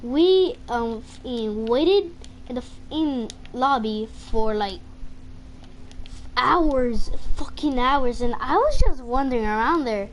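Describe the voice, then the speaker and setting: A woman's voice: high-pitched, animated, slow pace. A woman casually telling a personal story, rambling with lots of fillers and swearing. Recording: noisy home recording.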